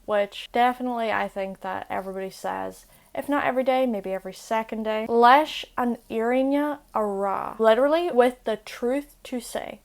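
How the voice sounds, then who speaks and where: A young woman hosting a casual language lesson, with chatty, self-deprecating asides. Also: medium pitch. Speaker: language video host.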